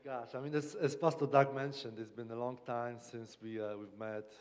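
A man from Poland with a Polish accent, preaching as a guest speaker in a humorous, halting way with many restarts. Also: medium pitch, steady tone, big-room sound. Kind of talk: sermon. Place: church sanctuary.

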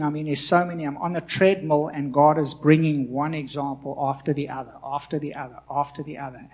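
A man in his forties preaching a sermon with passion, swinging between loud emphasis and quiet asides. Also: a little high, gravelly. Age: 40s. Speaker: pastor.

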